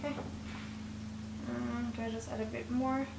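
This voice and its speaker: Woman, young adult, casual vlog chat, expressive, slightly high voice. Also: moderate pace, creaky, heavy background noise. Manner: chatty and expressive, with animated asides. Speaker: lifestyle vlogger.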